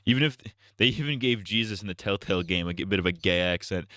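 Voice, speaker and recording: A man's voice: sits low, fast talker, bright, forceful tone, no echo, clean studio sound. Crude joking male game streamer. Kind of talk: casual gameplay commentary.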